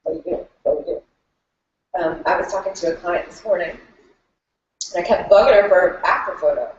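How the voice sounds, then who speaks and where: A woman's voice: fairly low pitch, lively intonation, fairly quick, slight background noise. Emotional chatty woman, off-mic in a roomy space. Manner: chatty, says "like" a lot. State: emotional, near tears. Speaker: fitness coach. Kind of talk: emotional group sharing. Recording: distant mic in an echoey room, dull.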